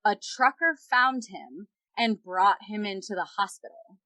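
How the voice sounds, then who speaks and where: A woman's voice: medium pitch, measured pace, pushed and bright, no echo. A young woman guest on a podcast, candidly retelling a personal story with lots of quoted dialogue.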